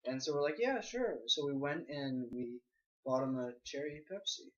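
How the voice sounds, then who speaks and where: A man's voice: mid-range voice, fairly even intonation, moderate pace. An easygoing young man chats and tells stories with friends in a mid-range voice. The sound is muffled, like a cheap mic. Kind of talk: casual chat. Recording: muffled lo-fi recording.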